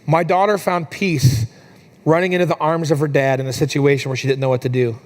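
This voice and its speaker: Animated man preaching a sermon. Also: fairly high pitch, a little fast. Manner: storytelling, animated when quoting his daughter. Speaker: pastor. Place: church.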